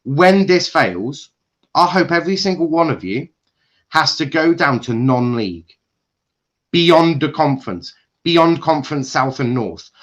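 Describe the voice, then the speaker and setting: A man ranting furiously on a football livestream, swearing and shouting at club owners. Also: a little high, animated, unhurried. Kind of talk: angry fan rant on a livestream.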